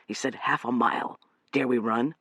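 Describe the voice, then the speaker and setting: A man voicing a cautious, tense companion in an audiobook, speaking in a hushed way. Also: medium pitch, fairly even intonation, moderate pace, breathy edge, dry recording.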